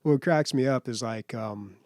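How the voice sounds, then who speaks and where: A man's voice: medium pitch, unhurried, darkish tone, no room sound, clean studio sound. A young man co-hosting a gaming podcast, chatting casually and rambling with lots of fillers. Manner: rambling, filler-heavy, laughs often. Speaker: podcast co-host. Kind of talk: casual chat.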